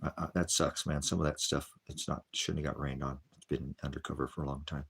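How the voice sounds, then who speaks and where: A middle-aged man rambling on a live stream, frustrated and profane, swinging from angry outbursts to low, weary muttering. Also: little pitch movement, fairly quick, vocal fry, fairly bright tone, husky.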